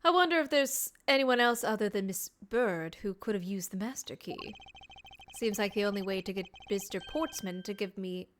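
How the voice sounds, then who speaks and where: A woman's voice: mid-range voice, moderate pace, a bit bright. A woman streaming a game, chatting casually, giggly and thanking viewers. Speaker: streamer and host. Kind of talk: casual chat while playing.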